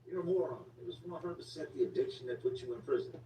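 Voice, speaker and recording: A man's voice: mid-range voice, quick pace, dark tone. A man telling a story in a casual, slangy way, repeating words for emphasis. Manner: slangy, repetitive street talk. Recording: echoey room, distant mic, faint noise.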